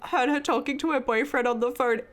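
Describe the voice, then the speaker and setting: A woman's voice: high-pitched, fairly quick. Giggly Australian woman podcaster. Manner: giggly, animated storytelling, laughs often. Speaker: podcast co-host. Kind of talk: casual chat.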